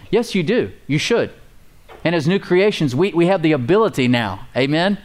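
A slightly high male voice with lively intonation carries this sermon at a moderate pace. The pastor addresses a responding church congregation in an emphatic, casual way, repeating key words, seeking amens, and peppering his talk with fillers and folksy asides.

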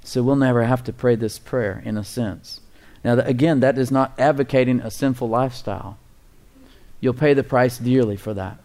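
A man preaching a conversational sermon as pastor and Bible teacher, emphatic and animated, chuckling at his own points. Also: mid-range voice, moderate pace.

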